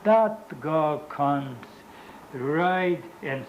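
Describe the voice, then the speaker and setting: An older man giving a Holocaust survivor's testimony in an oral history interview, speaking in halting, non-native English and often stopping to search for words. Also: on the high side, lively intonation, muffled recording, a little hiss or hum.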